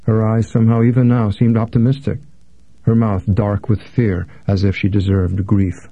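A man narrating a literary audiobook in a measured, somber way. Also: fairly low pitch, flat delivery, no echo. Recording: dry, tinny phone-like sound.

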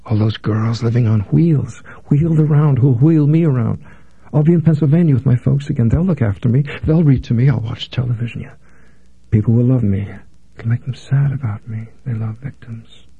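Frightened young woman, tremulous, husky, half-whispered, raised voice from a male narrator, thin phone-like audio. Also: mid-range voice, moderate pace. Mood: shaken. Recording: dry, phone-like narrow sound.

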